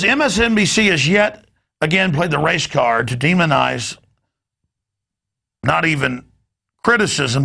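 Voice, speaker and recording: A man's voice: fairly high pitch, creaky, sharp tone. A man hosting a talk show, delivering an emphatic and indignant political rant. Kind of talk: ranting political commentary.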